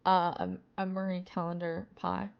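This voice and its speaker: A woman's voice: lowish voice, little pitch movement, normal speed, creaky, lo-fi sound. A young woman from Kentucky with a light Southern accent, chatting casually with her stream viewers and rambling with lots of fillers and laughs. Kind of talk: casual live-stream chat reading viewer messages.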